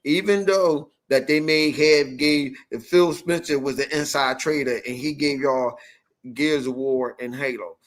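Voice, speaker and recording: A man's voice: medium pitch, a little slow. A man hosting a podcast, telling a story in casual chat, swearing a lot and acting out what people said. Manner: animated storytelling, swearing, acts out quotes. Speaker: podcast host.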